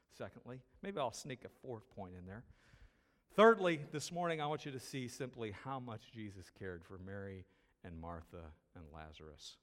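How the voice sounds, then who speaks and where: A man's voice: medium pitch, a bit bright. Preaching man in a reverberant hall. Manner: reads scripture, then preaches conversationally with asides and humor. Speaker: pastor. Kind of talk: sermon.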